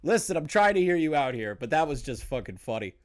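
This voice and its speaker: A man's voice: a little high, big pitch swings, fairly quick. A young man hosting a reaction commentary, profane and incredulous, often breaking into disbelieving laughter. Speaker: commentary channel host.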